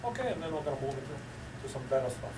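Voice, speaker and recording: A man's voice: fairly high pitch, very animated, racing. Chatty man hosting an improv stage. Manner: chatty, coaxing, laughs often. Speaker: improv show host. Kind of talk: live improv show hosting. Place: small improv theater stage. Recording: roomy, distant, noisy live recording.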